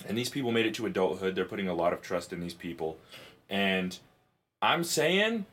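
A man hosting a podcast in casual chat, telling stories in an excitable, profane way. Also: deep voice, fast. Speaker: podcast host.

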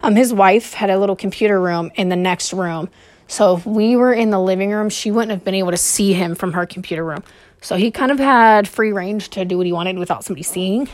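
A woman hosting a podcast, telling a personal story in a hesitant monologue with many pauses and fillers while sounding nervous and short of breath. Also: mid-range voice. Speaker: podcast host.

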